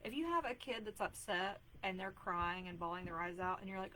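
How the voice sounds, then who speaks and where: A woman's voice: medium pitch, a little fast, fairly bright tone, a little hiss or hum, low-quality recording. A woman in her thirties giving earnest, chatty advice on a live video stream, with lots of filler words. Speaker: mom life coach hosting a live video. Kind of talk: casual live-stream talk.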